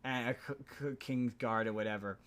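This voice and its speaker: A man of medium pitch chats casually as a podcast host, recapping a story. He rambles, trips over his words and restarts sentences often. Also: steady tone, normal speed, fairly bright tone. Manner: rambling, frequent restarts and stammered repeats. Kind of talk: casual chat recapping a film.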